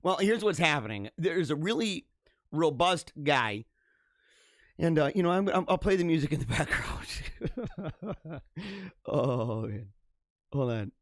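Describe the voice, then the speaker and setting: Animated rambling man hosting a live stream. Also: a little high, slow pace, pauses often, no room sound, studio quality. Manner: rambling, animated, laughs often. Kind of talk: casual live-stream commentary. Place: home basement studio with green screen.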